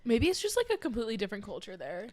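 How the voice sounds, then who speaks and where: A woman's voice: on the high side, wildly swooping pitch, racing, a little mellow. A woman in her twenties co-hosting a podcast in casual chat, reacting with short, sarcastic quips. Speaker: podcast co-host.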